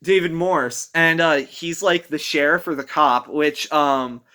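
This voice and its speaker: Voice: medium pitch, unhurried, sharp tone, clean tone. A movie reviewer talking casually and rambling with amusement through the plot, full of fillers and acted-out quotes.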